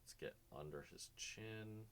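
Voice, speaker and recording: A man's voice: lowish voice, a little slow, fairly bright tone, slight background noise. A man streaming a casual painting session, chatting and rambling to his viewers as he works. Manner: chatty, rambling, talks to chat while working.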